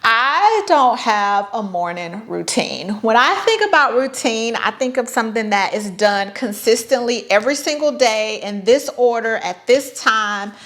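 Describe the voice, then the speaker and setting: A woman's voice: fairly high pitch, expressive, a little slow, few pauses, a bit bright. A woman in her thirties talking casually to her viewers as a vlogger, chatty and playful with sarcastic asides. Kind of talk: casual talk to camera.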